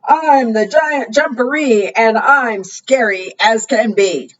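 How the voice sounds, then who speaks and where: A woman voicing a boastful unseen creature in a burrow, chanting loud sing-song rhymes for a storybook. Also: fairly high pitch, slow. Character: boastful unseen giant creature in a burrow, actually a baby frog. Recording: dull distant recording.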